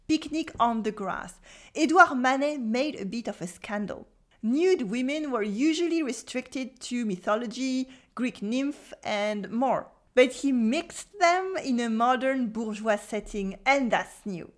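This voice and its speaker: A French woman teaching a French pronunciation lesson, speaking carefully and pausing for the listener to repeat words after her. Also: on the high side, lively intonation. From France. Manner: slow, careful drills with repeat-after-me pauses.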